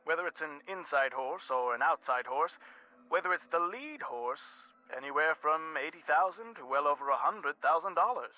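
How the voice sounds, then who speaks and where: A man's voice: fairly high pitch, moderate pace, sharp tone, poor audio. An actor playing a refined, faintly pompous male carousel art expert who talks on the phone in a video game. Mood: genteel. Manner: precise, theatrical, faintly pompous.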